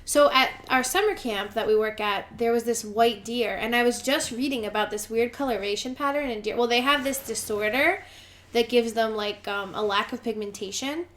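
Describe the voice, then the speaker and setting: A young woman with a fairly high voice chats as a podcast co-host, rambling and giggling through her stories with lots of "like" and "um". A faint hiss of noise sits under the recording. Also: moderate pace, fairly bright tone. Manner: giggly, rambling with many fillers. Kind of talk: casual chat.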